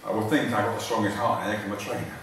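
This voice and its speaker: A man's voice: lowish voice, fairly even intonation, rapid-fire, a bit bright. Man, fitness trainer, informal live talk, out of breath, distant mic, faint room hum. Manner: informal, repeats phrases, restarts sentences. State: out of breath while exercising. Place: large echoey hall in front of an audience. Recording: echoey hall recording from far off.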